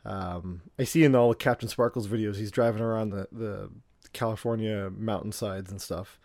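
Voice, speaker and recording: A man's voice: lowish voice, fairly even intonation, normal speed, creaky, a little mellow, no echo, clean studio sound. A man co-hosting a podcast, talking in a hesitant, casual way with lots of fillers. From Canada. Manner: hesitant, with many fillers and laughs. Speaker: podcast co-host.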